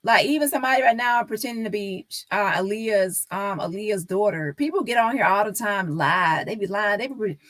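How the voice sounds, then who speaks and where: A woman's voice: medium pitch, expressive, a little fast, few pauses, fairly bright tone, no echo. A woman on a live stream talking casually and insistently to her viewers, repeating her points.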